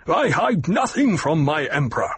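A man's voice: fairly high pitch, big pitch swings, moderate pace, breathy edge, dry recording, voice pushed up, exaggerated voice. A man voicing a scheming, wary nobleman in a cold, controlled way in an audiobook. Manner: cold and controlled, a little raised.

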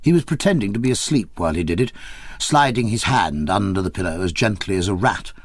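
A man reading a memoir aloud as an audiobook narrator, measured and expressive. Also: lowish voice, no echo.

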